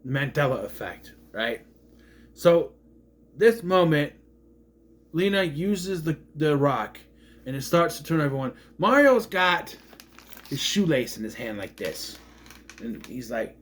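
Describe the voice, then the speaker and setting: A man casually recapping a movie, rambling with fillers and slipping into quick voice impressions. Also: mid-range voice, animated.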